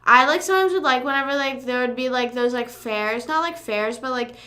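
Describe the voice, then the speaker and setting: A woman's voice: high-pitched, fairly quick, bright, forceful tone. A young woman hosting a casual livestream, rambling through school stories with lots of filler words and casual swearing. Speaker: livestream host.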